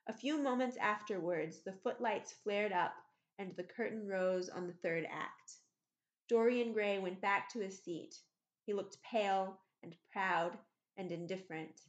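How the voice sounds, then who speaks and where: A woman narrating a classic novel aloud in a measured, expressive reading. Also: mid-range voice, reverberant. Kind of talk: audiobook reading. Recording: slightly muffled recording.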